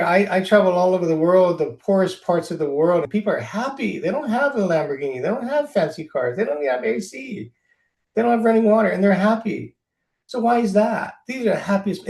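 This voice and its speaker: Male guest, earnest and preachy, high gravelly voice with room echo. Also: a little mellow. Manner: earnest, preachy, repeats for emphasis. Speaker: real estate guest. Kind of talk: interview answers.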